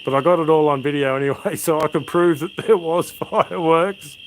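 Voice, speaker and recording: A man's voice: on the high side, moderate pace, a little hiss or hum, low-quality recording. Laid-back Australian man, crickets behind. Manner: rambling, laid-back storyteller, matey. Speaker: livestream host. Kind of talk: casual chat with live viewers. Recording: crickets and insects chirping behind.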